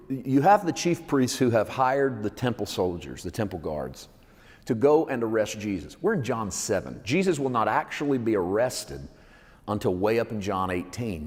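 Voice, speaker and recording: A man's voice: lowish voice, a little mellow. A male preacher giving a conversational sermon that builds to emphatic fervor. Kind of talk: sermon teaching. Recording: long hall reverb.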